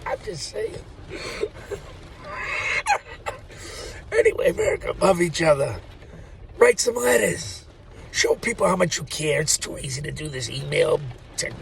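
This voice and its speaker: A man's voice: on the high side, vocal fry, background noise. A man who works at a post office, rambling in an opinionated monologue to the camera, swearing freely and laughing at his own jokes. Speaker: postal worker vlogger.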